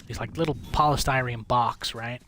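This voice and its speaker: A man's voice: medium pitch, steady tone, moderate pace, sharp tone, a little hiss or hum. A man livestreaming a game late at night, telling a long rambling story in casual chat, swearing freely. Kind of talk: casual chat while gaming.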